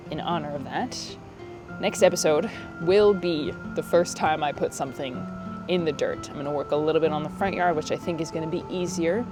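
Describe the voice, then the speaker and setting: A woman chatting casually in her own gardening vlog, giggly and easily moved, laughing often. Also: deep voice. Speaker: gardening vlogger. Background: music.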